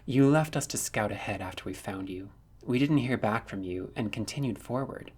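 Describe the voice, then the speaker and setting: A man's voice: lowish voice, moderate pace, a little mellow, husky. A man voicing a curt young woman soldier. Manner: terse, blunt.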